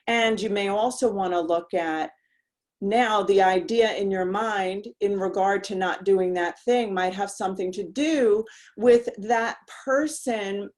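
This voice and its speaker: A woman's voice: mid-range voice, darkish tone. A woman host coaching women in a motivational talk, speaking emphatically and directly with casual slang.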